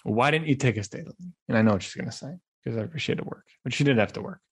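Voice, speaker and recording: Man, young adult, podcast host, casual monologue, rambling, animated, average pitch. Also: rapid-fire, slightly rough. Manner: rambling, animated storytelling with frequent restarts.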